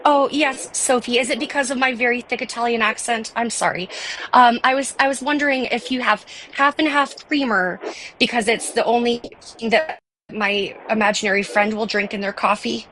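A woman's voice: on the high side, steady tone, normal speed, fairly bright tone, slight background noise, lightly acted. A woman playing a caller who fakes a thick Italian accent, rambling and overly polite on a prank phone call. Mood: mock-earnest.

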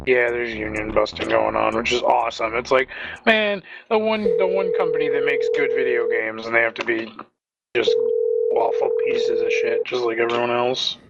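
A man's voice: medium pitch, normal speed, creaky. A young man chats casually on a live stream, rambling and cursing with a dry, sarcastic edge. His voice sounds somewhat muffled, with heavy noise running underneath. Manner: rambling, swears freely, deadpan sarcasm. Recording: muffled audio with loud background noise.

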